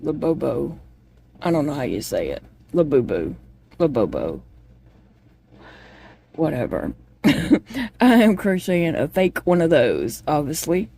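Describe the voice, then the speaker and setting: A woman chats with her viewers as she crochets at home, wandering easily from one thought to the next. Her voice sits on the low side, with a mellow, unhurried tone. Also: sing-song, gravelly, no room sound. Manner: rambling, chatty, talks to viewers. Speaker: vlogger. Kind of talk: casual chat while crocheting.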